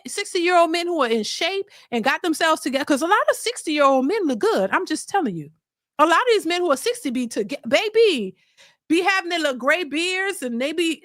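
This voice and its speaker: A woman commentator chatting casually to her viewers in an animated, slangy way, talking straight to them. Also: high-pitched, dry recording, clean studio sound. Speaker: YouTube commentator.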